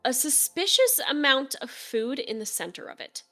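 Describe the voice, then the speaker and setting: A woman's voice: high voice, sing-song, normal speed, pushed and bright, faint music behind. A woman narrating a tabletop game as game master in a casual, chatty way. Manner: casual, chatty, with fillers and laughs.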